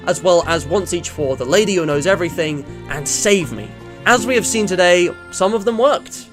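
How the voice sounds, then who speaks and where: A man delivering scripted video-essay narration in a measured, analytical way. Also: high voice.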